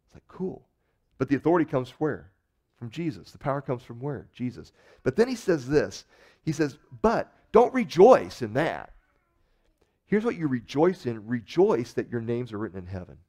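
A male pastor preaches in a conversational, lively storytelling style, acting out the characters in his stories. His mid-range voice moves briskly.

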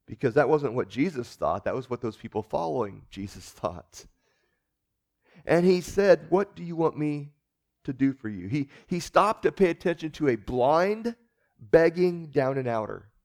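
A man's voice: a little high, expressive, moderate pace. A man giving a conversational sermon as pastor, earnest, often repeating words and checking in with listeners.

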